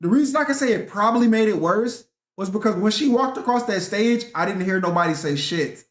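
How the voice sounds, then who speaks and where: A man's voice: sits high, lively intonation, a little fast. A young man telling a profane, rambling story in a casual rant vlog, talking animatedly and swearing often. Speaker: vlogger. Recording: echoey room.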